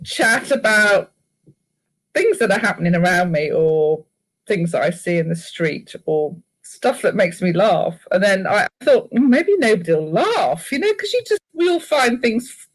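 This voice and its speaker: A woman guest chatting in an interview, telling lively stories and laughing often. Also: medium pitch, a little slow, poor audio.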